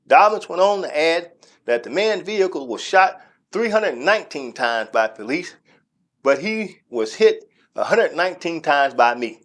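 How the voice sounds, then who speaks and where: A man's voice: fairly high pitch, expressive, normal speed, fairly bright tone. A man hosting a church news segment, giving opinionated commentary and talking straight to his audience with scornful asides.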